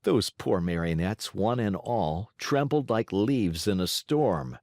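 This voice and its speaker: A man narrating a classic children's story as an audiobook, in an expressive, varied delivery. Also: lowish voice, takes it slowly, few pauses, no echo, clean studio sound.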